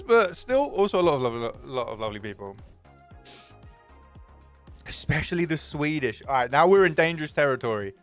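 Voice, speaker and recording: A man's voice: a little high, sing-song, faint music behind. A young man, chatting casually and jokingly with his stream viewers, swearing freely. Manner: chatty, jokey, quick to swear.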